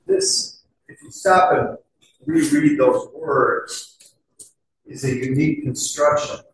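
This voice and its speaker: A middle-aged man preaches to a congregation in an earnest, chatty way, full of little fillers, and he slows right down to lean on scripture words. His voice sits at an ordinary pitch and his pace is unhurried. He is picked up from across a big, very echoey hall. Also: huge pitch swings, slight background noise. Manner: earnest, conversational with frequent fillers. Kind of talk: sermon. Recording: echoey hall, distant mic.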